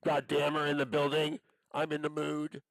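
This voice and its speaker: A man's voice: a little high, completely flat delivery, normal speed, a bit bright, no echo, rough recording. A man delivering an angry, profane monologue, accusing and cursing as he rambles from one charge to the next.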